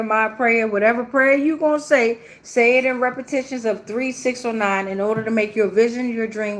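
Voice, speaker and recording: A woman hosting a tarot and spiritual reading, speaking in a slow, drawn-out, affirming way with lots of repetition. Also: fairly high pitch. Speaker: tarot reader and spiritual channel host.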